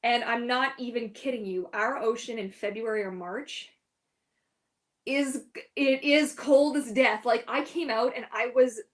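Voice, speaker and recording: Female livestream host, mermaid performer; chatty, giggly, lots of "like", pitch a touch high. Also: measured pace. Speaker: mermaid performer hosting a live Q&A. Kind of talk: casual livestream Q&A.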